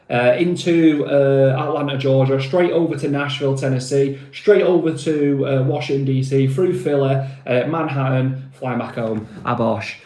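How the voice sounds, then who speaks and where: A man's voice: mid-range voice, a little mellow, reverberant. Chatty northern English man on a phone stream. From northern England. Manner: chatty, rambling, reads viewer names aloud. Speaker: livestream host. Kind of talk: casual live-stream chat reading comments.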